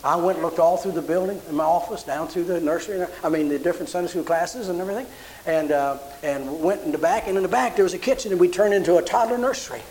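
A pastor with a high voice preaches a sermon quickly, animatedly telling personal stories and acting out the voices of people in them. The low-quality recording carries a little hiss or hum.

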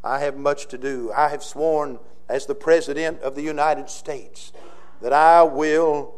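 A dutiful statesman swears his oath in a measured, low, deliberate voice, as a Southern US preacher puts him on. Each phrase is spaced out and weighty, with a slow, solemn delivery. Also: steady tone, close to an everyday voice. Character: George Washington, male statesman, grave and dutiful.

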